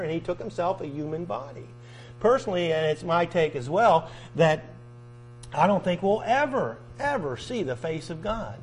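A man's voice: high-pitched, rough recording. A man preaching a sermon, teaching through scripture passages in an earnest way and restarting phrases now and then.

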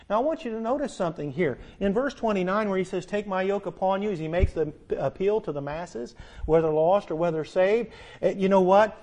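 Preacher, male, high voice, earnest sermon delivery, moves from hushed to emphatic.

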